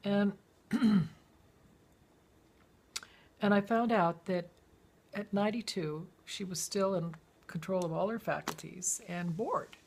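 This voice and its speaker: Slow, gravelly woman telling a memoir. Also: medium pitch. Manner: lively storytelling, acts out quoted voices and breaks into song. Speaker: memoir author and storyteller. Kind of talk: reading a personal memoir aloud.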